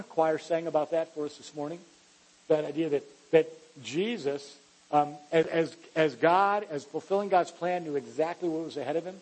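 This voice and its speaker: A man's voice: on the high side, normal speed, a little mellow, rough recording. A man preaching a sermon, earnest and emphatic, often restarting his phrases as he explains a scripture passage. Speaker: pastor.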